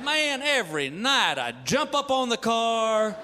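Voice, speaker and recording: A man's voice: very high voice, very animated, measured pace, bright, forceful tone. A male stand-up comedian telling a long story in a folksy, drawling way. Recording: live hall reverb with noise.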